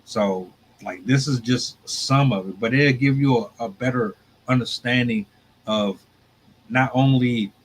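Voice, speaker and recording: A man's voice: mid-range voice, slight background noise, rough recording. A man hosting a podcast, talking in a loose, rambling, slangy way before playing a clip. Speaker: podcast host. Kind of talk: casual commentary.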